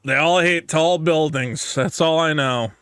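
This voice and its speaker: A man's voice: fairly high pitch, measured pace, fairly bright tone, clear, resonant tone, dry recording. A man co-hosting a podcast, rambling and swearing through comic stories. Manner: profane, rambling, jumps into mocking voices. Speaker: podcast co-host. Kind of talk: casual comedic chat.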